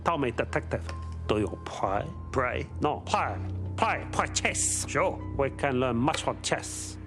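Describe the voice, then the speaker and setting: Cryptic cartoon drug boss, heavy fake accent, broken English, lilting pitch, music behind. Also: male voice, animated, slow pace. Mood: sly, cryptic. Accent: heavily faked foreign accent. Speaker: drug ring boss in an animated series. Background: music from the show.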